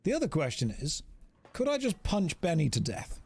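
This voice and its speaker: A man's voice: on the high side, huge pitch swings, moderate pace, a little mellow, slightly rough. An Englishman with an English accent, casually commentating his game stream in a joking, self-mocking way.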